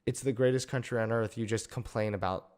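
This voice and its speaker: A man's voice: mid-range voice, fairly even intonation, quick pace, a little mellow, clear, resonant tone. A young man hosting a reaction commentary video, talking in a sarcastic, blunt and exasperated way.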